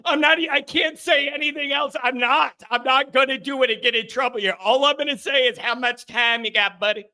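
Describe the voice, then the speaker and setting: A man hosting a live sports call-in show in casual chat, animated and laughing often. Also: very high-pitched, fairly quick.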